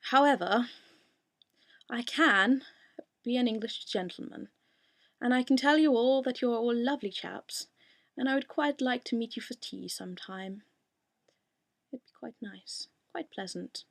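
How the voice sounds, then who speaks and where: A polite, prim young English gentleman speaks with fussy, genteel courtesy, as a woman puts him on. His voice sits a little high, with a gravelly fry underneath. This is a home voice-meme performance. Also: measured pace, pauses often.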